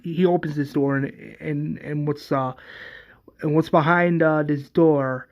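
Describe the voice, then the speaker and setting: A man retelling a story scene by scene, halting and repeating words as he narrates. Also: on the high side, steady tone, lo-fi sound. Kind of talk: retelling a fan series scene by scene.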